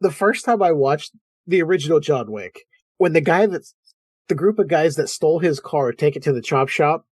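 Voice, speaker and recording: Man, podcast host, lively storyteller, slightly high voice, dry sound. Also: moderate pace, no room sound. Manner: animated storyteller, acts out film scenes. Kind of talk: casual film chat.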